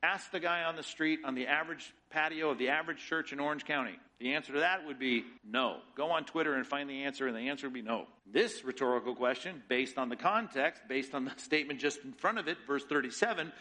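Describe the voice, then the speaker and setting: A man's voice: medium pitch, fast, hardly any pauses, sharp tone, rough recording. A middle-aged man preaching a sermon as pastor, teaching with emphatic rhetorical questions.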